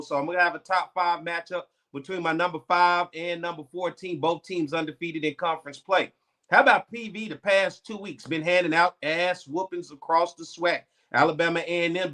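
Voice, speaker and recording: A man with a high, bright voice co-hosting a casual sports talk show. He talks in quick, animated banter and gets loud and excitable about his picks.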